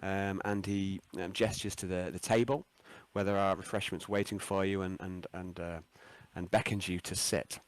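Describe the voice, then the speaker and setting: A man narrating as game master of a tabletop game, rambling with many pauses and restarts. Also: sits low, flat delivery, dry recording.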